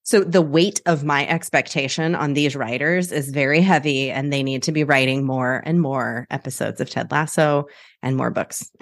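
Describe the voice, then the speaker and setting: Chatty low-voiced woman podcast host. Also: no echo, studio quality. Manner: chatty and animated, laughs often. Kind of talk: casual solo podcast talk.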